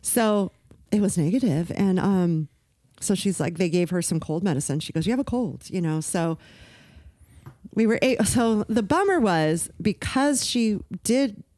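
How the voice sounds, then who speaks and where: A middle-aged woman co-hosting a podcast, telling a personal story in casual chat, animated and emotional, acting out the people she quotes. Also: mid-range voice, measured pace, no echo, clean studio sound. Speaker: podcast co-host.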